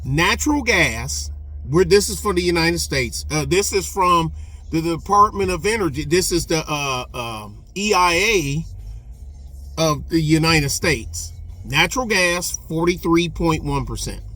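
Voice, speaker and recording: High-voiced, slow, folksy man. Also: lively intonation, sharp tone, soft background music. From Texas. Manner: rambling, folksy, digressive. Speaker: channel host. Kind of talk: casual commentary.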